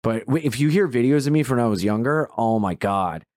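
A man from Delaware with a Delaware accent, chatting casually as a podcast guest and telling lively stories. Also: mid-range voice, a little fast, dry recording, clean studio sound. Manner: animated storyteller, jumps into goofy voices.

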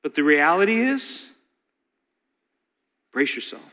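A man's voice: on the high side, sing-song, takes it slowly, fairly bright tone. A man preaching a dramatic sermon, asking the congregation rhetorical questions. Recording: long hall reverb.

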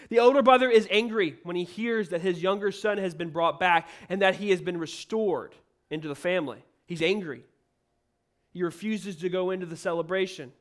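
A man's voice: sits high, a bit bright. A man preaching a sermon, emphatic and full of rhetorical questions.

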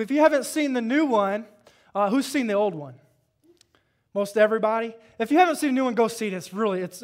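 Male pastor with a high voice, mid-sermon. Talks casually, quizzes the congregation, and swings between quiet prayer and loud exhortation.

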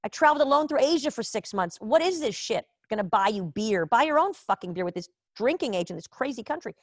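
A woman's voice: fairly high pitch, expressive, quick pace, no echo, studio quality. A woman from Israel hosting a live online comedy show from home over a video call, rambling in a chatty, profane, self-mocking way. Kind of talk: casual rambling stand-up chat.

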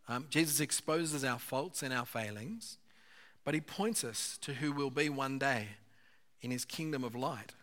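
A man's voice: fairly high pitch, a bit bright. A man, a pastor, giving an earnest, conversational sermon with occasional fillers.

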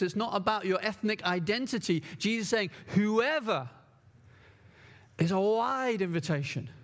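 Earnest high-voiced male preacher. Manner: earnest, emphatic, repeats key words. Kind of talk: sermon.

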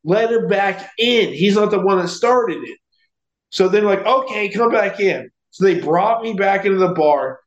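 A man telling a profane, animated story in casual podcast chat. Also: high voice, normal speed, reverberant, lo-fi sound.

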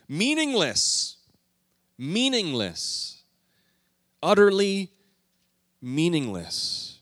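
A middle-aged man preaching a sermon, telling family stories with animated delivery and acted-out quotes. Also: fairly high pitch, no room sound, studio quality. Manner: storytelling, animated, acting out quotes. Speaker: pastor.

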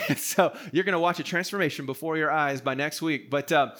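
A man's voice: on the high side, fairly quick, bright, forceful tone. A man who is a pastor, preaching an earnest, encouraging sermon to a live-streamed congregation in a conversational way. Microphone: streamed sermon to an online audience.

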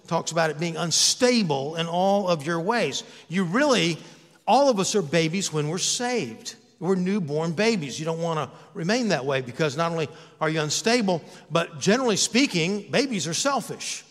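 A man's voice: fairly high pitch, lively intonation, normal speed, a bit bright, in a large hall. An older man and pastor giving a conversational sermon, asking the congregation rhetorical questions. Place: church sanctuary.

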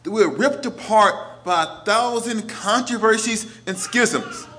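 A priest in his forties preaching a sermon, earnest, moving between emphatic lines and hushed ones. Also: sits high.

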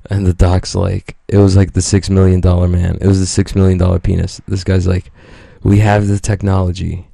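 A man's voice: sits low, completely flat delivery, brisk, gravelly, mellow, no room sound, clean studio sound. A man telling a story in casual podcast chat, rambling, profane and joking.

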